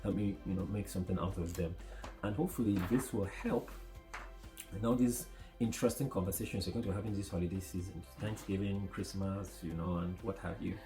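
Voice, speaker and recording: A man co-hosting a podcast, telling stories in a calm, thoughtful way. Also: sits low, brisk, over music. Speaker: podcast co-host. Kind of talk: casual podcast chat.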